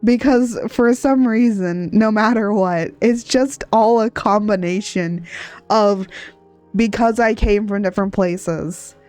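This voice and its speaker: A woman's voice: mid-range voice, slow, darkish tone, faint music behind. A woman from Texas chatting casually on a live art stream, rambling and laughing often, still sniffly and coughing as she recovers from being sick. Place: home streaming setup at a laptop. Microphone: desk mic, not a headset.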